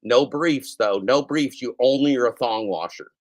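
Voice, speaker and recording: With a mid-range, slightly dark voice at an ordinary pace, a middle-aged podcaster pokes crude fun at current events. It's a profane comedy riff, delivered through a scratchy throat and a voice worn down by shows every day.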